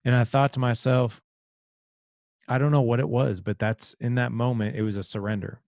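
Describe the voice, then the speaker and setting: Gravelly man telling a confessional story. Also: medium pitch, little pitch movement, darkish tone, no room sound, studio quality. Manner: confessional, emotional, halting with restarts. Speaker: podcast host. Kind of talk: personal storytelling.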